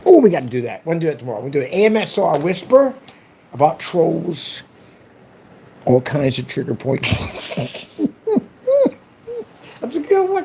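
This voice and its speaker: A man's voice: fairly high pitch, huge pitch swings, moderate pace, long pauses, darkish tone, slight background noise. A young man in a casual, boastful monologue, taunting his critics. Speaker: vlogger. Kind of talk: casual trash-talk monologue.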